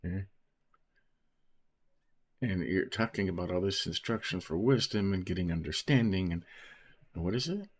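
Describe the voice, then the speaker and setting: In an informal Bible study, a man reads verses aloud and explains them in a casual teaching style, often checking in with "right?" and "okay?". His voice is low and expressive, moderately paced, with long pauses.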